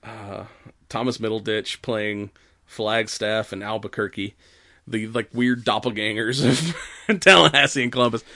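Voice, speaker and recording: A man's voice: on the low side, steady tone, moderate pace, pushed and bright, no room sound, clean studio sound. A man casually retelling a film's scenes in a podcast chat, laughing often and quoting characters, with plenty of fillers and swearing. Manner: profane, rambling with many fillers. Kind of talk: casual movie recap chat.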